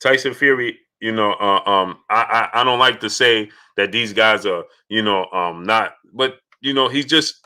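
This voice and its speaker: A man hosting a casual live stream, halting with many fillers and pauses as he reads viewer messages. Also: lowish voice, smooth. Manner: halting, many fillers, bursts of excited yelling at a game. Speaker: live stream host reading super chats.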